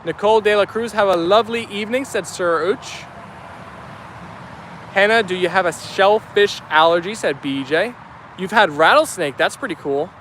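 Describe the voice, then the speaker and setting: A young man with a New York Italian accent chats brightly outdoors, his voice sitting high for a man. He reads comments aloud in an upbeat, easygoing way, full of little fillers. Faint traffic hums behind him. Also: normal speed. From New Jersey. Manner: chatty, upbeat, many fillers. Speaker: vlogger reading live chat. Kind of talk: casual chat reading comments aloud.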